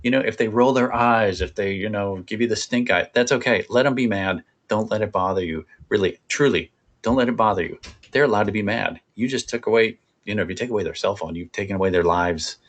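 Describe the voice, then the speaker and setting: A man presenting a parenting workshop in a conversational, animated coaching way. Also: on the low side, a little fast.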